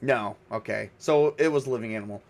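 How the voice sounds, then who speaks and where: A man's voice: mid-range voice, fast talker. A man narrating a solo tabletop role-playing game, thinking aloud casually with lots of fillers. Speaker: game master and solo player.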